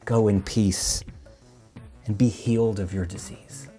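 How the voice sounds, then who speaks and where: Man as a soft-spoken, gentle healer, low and slow, near a whisper. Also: steady tone, soft background music, natural voice. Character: calm gentle man healer speaking softly.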